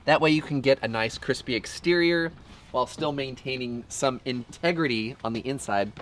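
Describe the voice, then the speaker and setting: A man's voice: medium pitch, moderate pace, fairly bright tone. A man hosting a cooking show outdoors, bantering playfully and laughing easily as he cooks. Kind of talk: casual cooking demo banter. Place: outdoor griddle cooking set. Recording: music bed behind. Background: background music.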